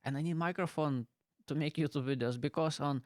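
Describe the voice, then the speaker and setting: A man with a fairly high voice talks through a casual explainer in halting English that is not his first language, searching for words as he goes. His tone is smooth and clean, recorded up close on a dynamic mic in a small bedroom packed with pillows. The sound is completely dry, with no room echo. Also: a little mellow. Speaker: YouTuber. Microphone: close dynamic studio mic.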